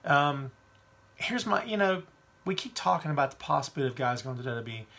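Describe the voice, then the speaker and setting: A man's voice: fairly high pitch, animated, fairly quick, vocal fry, sharp tone. A man hosting a wrestling podcast, talking casually and giving strong opinions while reading viewer questions. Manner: chatty, opinionated, reads live chat questions. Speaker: podcast host.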